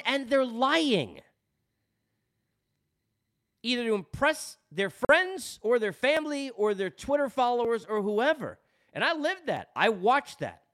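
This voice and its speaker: A very high-pitched, fairly bright voice carries this man's Long Island New York accent. He hosts a podcast, speaking earnestly and frankly in a personal monologue and often repeating himself word for word.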